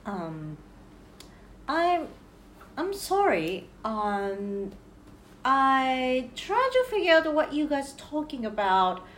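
A woman's voice: sits high, very animated, extremely slow, fairly bright tone, slight background noise. A woman playing a tabletop game, who talks hesitantly, stammers, and uses non-native English grammar. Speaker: player.

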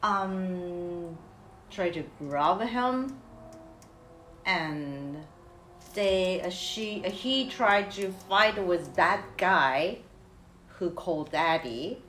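Slow, hesitant woman playing a tabletop game. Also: on the low side, lively intonation, a bit bright, reverberant, slight background noise. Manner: hesitant, searching for words. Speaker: player. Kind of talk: tabletop role-play, casual.

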